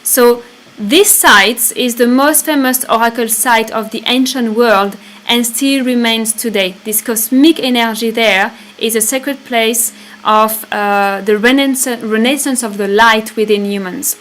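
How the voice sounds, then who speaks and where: A woman's voice: on the high side, unhurried, a bit bright, rough recording. A woman with a French accent co-hosting a casual spiritual talk on a livestream, hesitant, repeating words and laughing easily. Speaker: retreat co-host.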